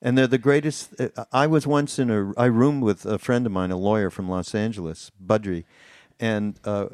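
A man with a low voice hosting a podcast, who wanders through his points and stops and restarts often. His speech is full of fillers. The sound is dry and close to the mic. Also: steady tone, darkish tone, dry recording. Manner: rambling, halting, many fillers. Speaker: podcast host. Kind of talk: casual chat.

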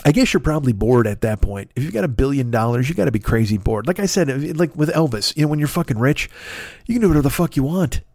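A man's voice: mid-range voice, expressive, fast, a little mellow, no room sound. A man hosting a comedy podcast, ranting sarcastically and acting out other people's voices. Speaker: podcast host. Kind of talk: profane comedic monologue.

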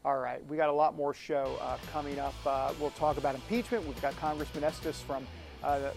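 A political talk show host talks in a loose, opinionated way. He slips in jokes and asides to the audience. His voice sits at a middle pitch. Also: steady tone, fairly quick, gravelly, music in the background.

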